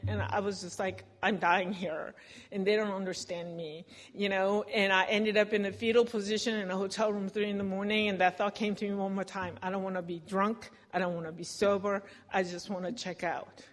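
A woman's voice: mid-range voice, flat delivery, a little fast, big-room sound. A woman telling her recovery story in a candid, self-deprecating way, often laughing at herself. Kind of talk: personal recovery testimony.

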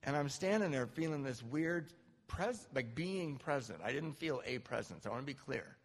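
Brief: fifties man, gravelly and husky, self-mocking storyteller at a recovery meeting, reverberant hall. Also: mid-range voice, normal speed. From Southern California, US. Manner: animated, self-mocking, laughs often. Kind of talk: personal storytelling talk.

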